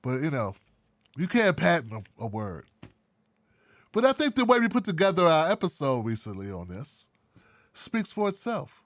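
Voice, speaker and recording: Male political commentator, fairly high voice, blunt and animated, dry close sound. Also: normal speed, long pauses, dry recording. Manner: blunt, animated, wry asides. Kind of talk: casual solo commentary.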